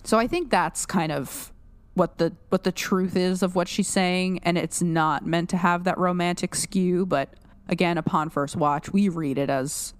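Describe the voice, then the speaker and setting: A woman's voice: lowish voice, measured pace, clear, resonant tone, no room sound. A woman with a New Jersey accent co-hosting a casual podcast, chatting and laughing as she quotes lines from the show. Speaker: podcast co-host. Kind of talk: casual chat.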